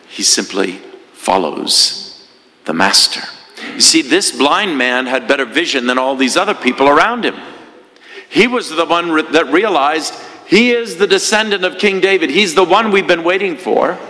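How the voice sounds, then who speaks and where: Guy priest preaching, bright tense voice, echoey church, lots of "right?" questions. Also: mid-range voice. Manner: conversational preaching with rhetorical questions. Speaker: parish priest. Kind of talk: sermon.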